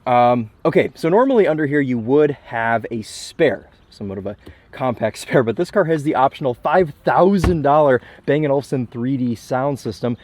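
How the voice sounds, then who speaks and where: A young man from Michigan walks around a parked car and talks through it in an easy, chatty way. He sounds enthusiastic and throws in self-deprecating asides. His voice sits in a middle pitch. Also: animated, normal speed, a little mellow. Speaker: car reviewer. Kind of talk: casual car walkaround commentary.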